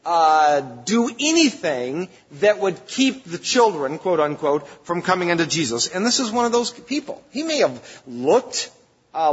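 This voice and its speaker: A man's voice: a little high, a bit bright, breathy edge. A man preaching a sermon as pastor, speaking emphatically and conversationally, with sudden bursts of force. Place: church sanctuary. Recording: dull lo-fi church recording with long reverb.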